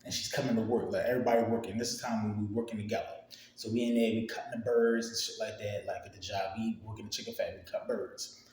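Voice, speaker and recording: A man's voice: fairly low pitch, steady tone, fast talker, a little mellow, a little hiss or hum. A young man casually telling a storytime tale in loose, profane slang, acting out the people he quotes. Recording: very echoey room, faint ambience.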